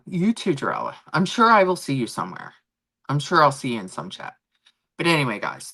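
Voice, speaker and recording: A middle-aged woman hosting a casual livestream chat with viewers, rambling and talking freely. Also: medium pitch. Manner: chatty, animated, rambling with restarts. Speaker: livestream host.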